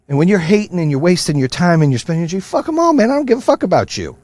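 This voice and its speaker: A man's voice: high voice, big pitch swings, very fast, hardly any pauses, darkish tone, no echo. A middle-aged man hosting his own podcast, ranting with heavy swearing in a fired-up motivational style. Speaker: podcast host. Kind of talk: profane motivational rant.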